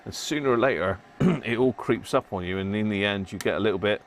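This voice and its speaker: A man's voice: on the low side, brisk, gravelly, slight background noise. A British man hosting a livestream, chatting casually and rambling while he works on a radio repair, often laughing at himself. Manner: chatty, rambling, self-mocking.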